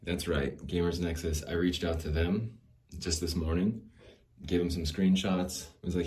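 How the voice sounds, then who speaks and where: Male podcast host, 40s, deep warm voice, rambling comic monologue. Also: fairly even intonation, normal speed. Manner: jokey, rambling, laughs often.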